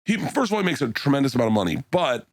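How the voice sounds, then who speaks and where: A man's voice: mid-range voice, very animated, rapid-fire, no echo. A middle-aged man, a comedian guest on a podcast, telling a rambling, profane story and acting out the other people in it. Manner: rambling anecdote, acts out quoted dialogue, swears freely.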